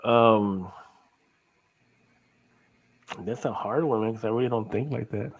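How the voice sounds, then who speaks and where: A middle-aged Texan appears as a podcast guest, a paranormal investigator who rambles casually, laughs often and keeps saying "you know." His voice is lowish and slow, and the audio quality is poor.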